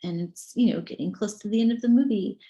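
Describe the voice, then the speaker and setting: A woman's voice: mid-range voice, quick pace, warm tone. A woman guest author telling a personal story in casual podcast chat, earnest and full of small restarts.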